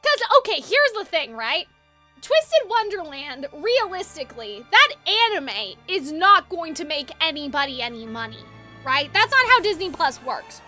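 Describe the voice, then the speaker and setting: A woman's voice: sits high, sing-song, moderate pace, bright, forceful tone, faint music behind. A woman streaming a game, chatting casually and rambling, with a dry throat.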